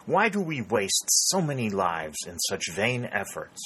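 A man's voice: fairly low pitch, very animated, unhurried, bright, forceful tone, slight background noise, exaggerated voice. A man voicing a young male Union lieutenant shaken by battle, crying out in raised, urgent exclamations. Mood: distraught.

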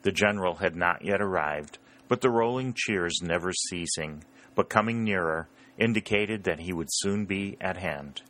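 Deep-voiced man reading a novel aloud. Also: moderate pace, few pauses, fairly bright tone. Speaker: audiobook narrator. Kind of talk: scripted narration.

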